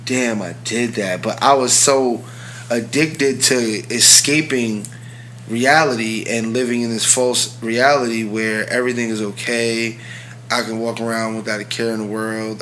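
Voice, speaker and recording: A man co-hosting a casual relationship podcast, candid and confessional, often dropping to a low, quiet tone. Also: a little hiss or hum. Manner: swears freely. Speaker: podcast co-host.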